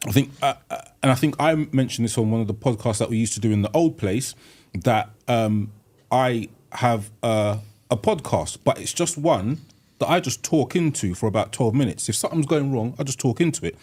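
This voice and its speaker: A man's voice: medium pitch, expressive, normal speed, a little mellow. A middle-aged man, co-hosting a group chat, often stumbling over repeated words before making a point. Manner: hesitant, repeats words when starting a point. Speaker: podcast co-host.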